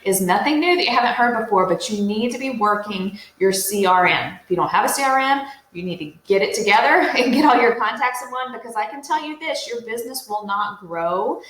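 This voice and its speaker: A woman's voice: a little high, animated, brisk, hardly any pauses, fairly bright tone. A woman coaching real estate agents in a casual, upbeat, direct way, with lots of "you know"s. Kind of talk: casual motivational talk to agents. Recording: roomy echo.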